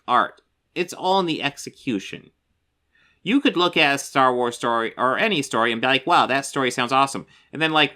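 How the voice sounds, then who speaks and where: A man's voice: mid-range voice, sharp tone. A young man hosting a reaction commentary, exasperated and sarcastic, swearing casually as he argues back at a clip. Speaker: commentary host.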